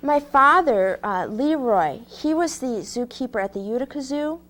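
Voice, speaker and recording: A woman plays an earnest young zoo curator, single and twenty-four, in a comedy sketch. She speaks in a slightly high voice. She hesitates and restarts all the time, with lots of ums. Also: animated, moderate pace, a bit bright.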